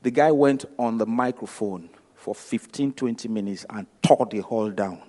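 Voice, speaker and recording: A man's voice: fairly low pitch, moderate pace, warm tone. A man with a Nigerian accent giving a motivational talk, telling stories and acting out the dialogue with emphatic repetition. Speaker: speaker. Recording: long hall reverb.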